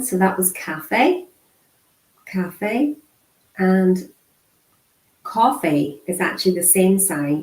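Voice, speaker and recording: A woman voicing a beginner's sign language lesson, speaking slowly and repeating single words with pauses between them. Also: lowish voice, darkish tone. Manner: frequent throat clearing and fillers. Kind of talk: interpreted beginner lesson, spoken aloud. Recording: roomy echo.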